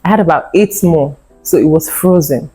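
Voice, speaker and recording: A woman's voice: low-pitched, normal speed, dark tone, slightly rough, soft background music, rough recording. A woman in her thirties telling her personal fertility story in an earnest, emotional way. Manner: earnest, emotional retelling with acted quotes. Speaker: vlogger sharing a fertility testimony.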